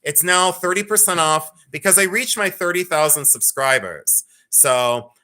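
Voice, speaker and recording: A man with a bright, slightly high voice hosts a live jewelry sale in a loose, chatty way. He jokes, teases and laughs easily. He rambles a little as he greets viewers by name. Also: expressive, measured pace. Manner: playful, joking, laughs often, teasing. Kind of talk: casual live-stream selling chat.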